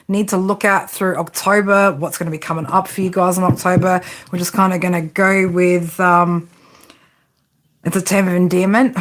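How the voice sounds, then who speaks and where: A woman's voice: on the low side, fairly bright tone. A woman giving a casual live tarot reading, chatting and joking with viewers and swearing freely. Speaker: tarot reader.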